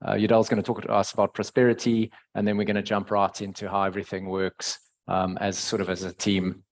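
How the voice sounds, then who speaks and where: A man with a South African accent hosting a webinar over a video call, with a hesitant, pausing delivery. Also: lowish voice, monotone. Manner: hesitant, many pauses. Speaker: webinar host. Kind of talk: webinar moderation.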